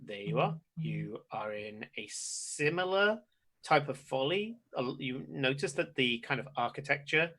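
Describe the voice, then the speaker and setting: A man's voice: mid-range voice, animated, unhurried, a bit bright, low-quality recording. A man running a tabletop game as game master, talking hesitantly with many fillers and restarts.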